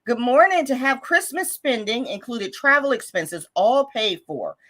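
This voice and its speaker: A woman's voice: a little high, big pitch swings, measured pace, a bit bright. A woman hosting a casual budgeting live stream, reading viewer comments aloud in an upbeat, encouraging, chatty way. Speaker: budgeting livestream host.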